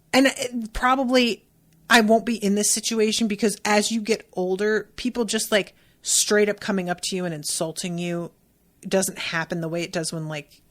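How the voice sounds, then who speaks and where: A woman talks through an episode in a loose, chatty podcast recap. She is animated, swears playfully and acts out bits of the scenes as she goes. Her voice sits in a middle pitch. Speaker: podcast host.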